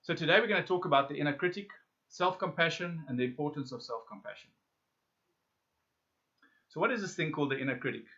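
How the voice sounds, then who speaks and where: A man leading a self-help workshop, speaking straight to his listeners with questions and pauses. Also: fairly high pitch, sharp tone. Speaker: workshop facilitator. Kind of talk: guided self-help lesson. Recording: dull lo-fi audio.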